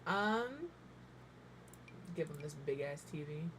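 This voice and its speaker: A woman in her thirties with a slightly low voice talks through her building choices in a loose, chatty way, teasing herself as she goes. She sometimes speaks while chewing. A faint hum of room noise sits under her voice. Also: lively intonation, takes it slowly. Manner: chatty, self-mocking, thinks aloud. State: talking while eating. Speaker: game builder streamer. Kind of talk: casual build commentary.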